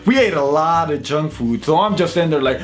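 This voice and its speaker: A man hosting his own channel, telling a funny personal story in a casual, animated, self-mocking way. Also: a little high, a little fast. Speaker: YouTube channel host.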